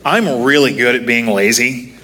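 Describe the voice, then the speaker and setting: A man's voice: mid-range voice, moderate pace, bright, forceful tone. A man in his thirties preaching a casual sermon while seated, self-deprecating and joking as he tells stories. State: walking with a limp, sitting to preach.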